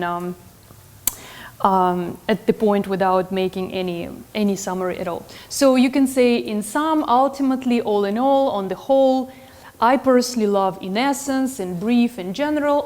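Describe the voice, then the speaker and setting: Woman lecturing a class, high voice. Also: a little mellow. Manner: earnest, with frequent "um" and self-corrections. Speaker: instructor.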